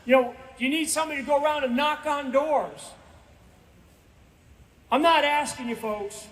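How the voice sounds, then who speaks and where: Older man in his 60s, guest speaker at a rally; very high voice, emphatic and repetitive, pleading tone. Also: moderate pace, fairly bright tone. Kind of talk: rally speech. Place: event stage.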